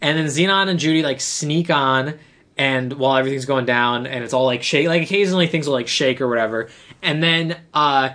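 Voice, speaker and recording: A podcast host rattling through a film recap at high speed. The talk rambles from scene to scene, with the characters' lines slipped in as quotes. The voice itself sits in a middle register. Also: fairly bright tone. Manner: rapid, rambling retelling full of quoted dialogue. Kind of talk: casual chat recapping a film.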